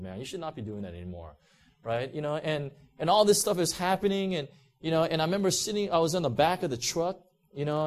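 Male preacher, slightly higher pitch, chatty sermon delivery with lots of fillers. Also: a little mellow. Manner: conversational, heavy use of "you know" and restarts. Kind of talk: sermon with personal testimony.

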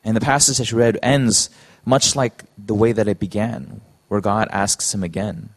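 A man preaching a sermon in an earnest, halting way, often restarting his phrases. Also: on the low side, fairly even intonation.

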